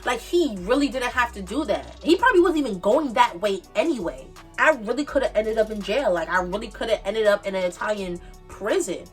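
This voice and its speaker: A woman in her twenties from the Bronx, New York, with a New York accent, telling a storytime tale in an animated, emphatic way and repeating her points. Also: medium pitch, brisk, few pauses, recorded from a distance, faint music behind. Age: 20s. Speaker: vlogger. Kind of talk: casual storytime monologue.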